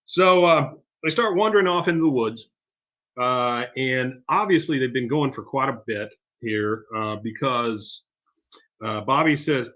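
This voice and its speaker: Bright-voiced man recapping casually. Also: medium pitch, a little slow. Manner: retells scenes with filler "uh"s and side jokes. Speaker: podcast co-host.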